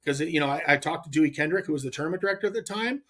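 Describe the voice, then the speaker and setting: A man as a guest telling a long, animated story in casual chat, emphatic and rambling. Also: fairly high pitch, rapid-fire. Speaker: guest angler.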